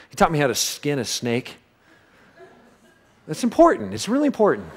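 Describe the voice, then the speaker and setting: This pastor's sermon tells a lively story: sudden bursts of loudness alternate with a soft, low voice whenever he turns reflective.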